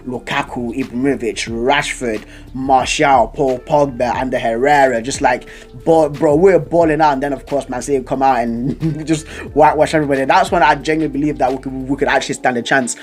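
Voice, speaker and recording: A man's voice: mid-range voice, steady tone, a little fast, soft background music. A young man vlogging casually about football, rambling and stuttering, with giggles, side tangents and lots of slang. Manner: slangy, calls viewers bro and fam. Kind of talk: casual chat to camera.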